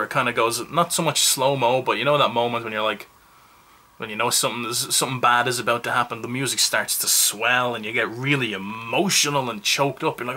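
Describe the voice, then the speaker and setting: A man's voice: mid-range voice, pushed and bright, breathy edge. A man giving a casual, rambling movie review, full of self-mocking asides.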